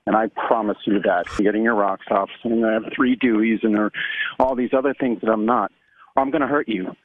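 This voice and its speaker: A man's voice: on the low side, steady tone, fairly quick. A man calling a radio show, making menacing threats and insults. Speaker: caller. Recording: tinny phone line with faint noise.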